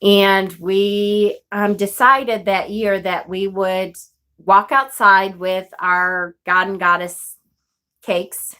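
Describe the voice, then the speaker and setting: A woman in her forties with a bright, clear voice, talking casually to her audience. She rambles, backtracks and laughs often as she tells a story. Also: mid-range voice, level tone, slow. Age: 40s. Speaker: witchcraft vlogger.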